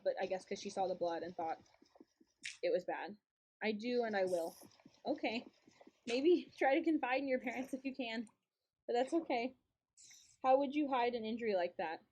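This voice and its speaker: A woman's voice: fairly high pitch, darkish tone, slightly rough. A young woman streaming a game and chatting casually, telling a story with frequent laughs and lots of repetition. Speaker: streamer and co-host. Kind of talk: casual storytelling while gaming.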